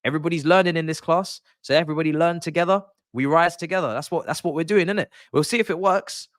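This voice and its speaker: A man's voice: fairly high pitch, fast, dry recording, studio quality. A man giving his views as a football pundit in casual podcast chat, confident and emphatic, often repeating his points.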